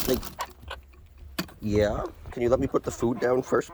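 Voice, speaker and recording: Out in a muddy chicken yard, a homesteader vlogger with a slightly mellow voice talks casually to his birds while doing chores, unhurried and pausing often with fairly even intonation. Playful, he addresses the animals in a high sing-song voice, and the noisy outdoor recording picks up clucking chickens and birds.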